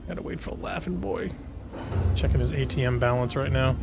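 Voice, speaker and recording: A man's voice: mid-range voice, fairly quick, gravelly, music in the background. A man playing a video game on stream and chatting with wry jokes. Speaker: player. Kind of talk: casual chat while playing a game.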